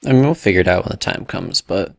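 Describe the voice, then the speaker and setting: A man's voice: low voice, lively intonation, fast, creaky, dry recording, clean studio sound. A young man co-hosting a podcast in casual chat, laid-back and wry. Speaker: podcast co-host.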